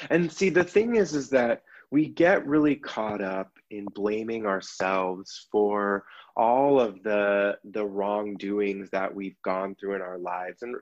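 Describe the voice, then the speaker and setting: A man's voice: on the low side, dull audio. A man working as a self-love coach, talking earnestly and reflectively in a podcast conversation, with many restarts.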